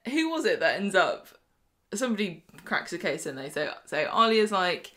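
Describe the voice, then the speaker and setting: A woman co-hosting a podcast, chatting casually as she retells soap scenes, laughing often and acting out quick quotes. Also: medium pitch, very animated, fairly bright tone. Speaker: podcast co-host. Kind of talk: casual chat recapping a soap episode.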